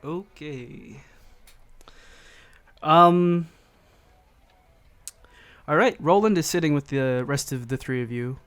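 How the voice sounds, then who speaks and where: A man narrating a tabletop game as game master, halting and correcting himself as he goes. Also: a little high, a bit bright, clear, resonant tone.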